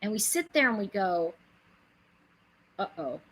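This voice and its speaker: A middle-aged woman giving an animated inspirational talk to her viewers, telling stories, acting out quotes and building to emphatic pleas. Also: medium pitch, normal speed, husky, poor audio. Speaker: spiritual speaker and host.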